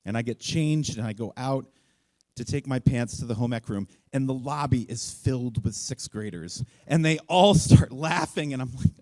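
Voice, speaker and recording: A man telling a funny personal story on stage at a live event, self-mocking and acting out the voices in it. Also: moderate pace. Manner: animated, self-mocking, acts out voices with big jumps in pitch.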